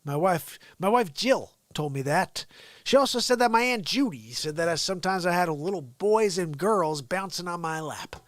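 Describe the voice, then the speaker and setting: A man voicing a sleepy old male politician who rambles slowly and mumbles while pitching discount sofas. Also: animated, no room sound, clean studio sound. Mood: rambling. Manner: drowsy, slow, mumbling and rambling.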